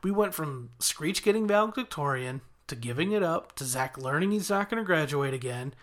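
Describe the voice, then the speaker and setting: A man's voice: on the high side, normal speed. A man casually recapping a TV episode as a podcast host, quoting characters' lines as he retells it. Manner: animated retelling with quoted lines.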